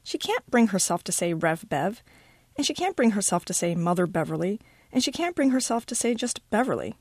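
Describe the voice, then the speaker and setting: An animated woman reading a story. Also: mid-range voice, fairly quick, husky, no echo, studio quality. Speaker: reader. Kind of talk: reading a short story aloud.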